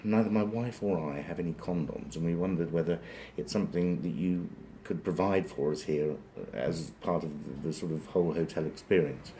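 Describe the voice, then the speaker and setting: A man voicing a polite, proper male duck in a told joke, in a deep voice close to his own. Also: moderate pace, hardly any pauses, dark tone, a little hiss or hum.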